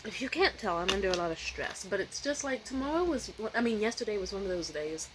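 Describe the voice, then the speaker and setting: A young woman vlogging at home at night, telling a story in a profane, animated rant and mimicking other people's voices. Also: medium pitch, fast talker, noisy background. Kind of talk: casual vlog rant.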